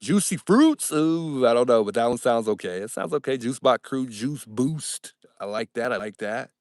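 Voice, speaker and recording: A man's voice: mid-range voice, normal speed, dry recording, studio quality. Upbeat man chatting with livestream viewers. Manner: upbeat, animated, thanks viewers often. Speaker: livestream host. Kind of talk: casual livestream chat reading viewer comments.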